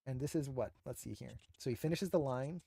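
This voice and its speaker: A man's voice: medium pitch, fairly quick, vocal fry, dark tone, slightly rough, no room sound. A man who teaches animation, enthusiastically breaking down shots with emphatic, admiring commentary.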